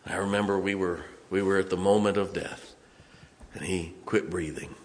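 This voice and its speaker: A man preaching a sermon as pastor, telling stories from the pulpit and breaking into song and shouts. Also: sits low, steady tone, normal speed, long reverb tail. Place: church sanctuary.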